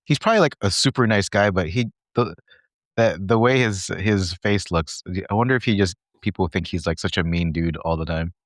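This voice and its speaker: A man on a podcast, musing aloud in casual chat with halting phrasing. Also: low voice, dry recording, clean studio sound.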